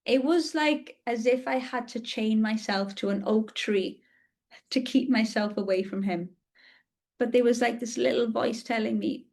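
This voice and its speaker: A woman's voice: on the high side, a little slow, gravelly, darkish tone. A woman in her thirties, a podcast host telling a personal story in a candid, confessional and emotionally open way.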